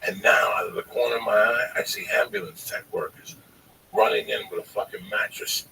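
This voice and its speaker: A man telling a long, profane, animated story on a podcast, often calling his listener by name. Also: lowish voice, fairly quick, gravelly, distant mic, noisy background. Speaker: storyteller guest.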